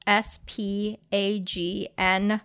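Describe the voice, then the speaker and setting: A woman's voice: mid-range voice, little pitch movement, very slow, fairly bright tone, clear, resonant tone. A woman co-hosting a podcast, retelling an event in a sardonic, laughing way. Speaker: podcast co-host. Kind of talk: casual chat recounting an event.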